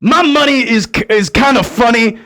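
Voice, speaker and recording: A man putting on a raspy toothless woman. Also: very high voice, normal speed, fairly bright tone, slight background noise, pitched above the performer's own voice. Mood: pleading. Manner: lip-flapping, rambling and confused. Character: raspy toothless woman stranger asking for help.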